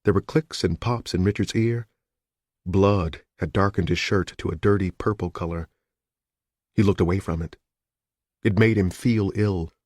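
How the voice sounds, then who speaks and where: Low-voiced male audiobook narrator. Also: normal speed, pauses often, darkish tone, no echo, clean studio sound. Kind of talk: scripted narration.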